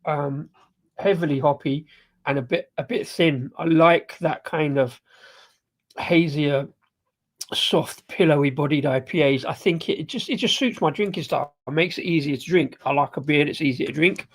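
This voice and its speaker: A man's voice: fairly high pitch, moderate pace. A man hosting a casual live beer review, rambling and hesitant with lots of ums and restarts as he sips the beer while he talks. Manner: rambling, hesitant, full of ums and self-corrections; sipping and tasting beer while talking.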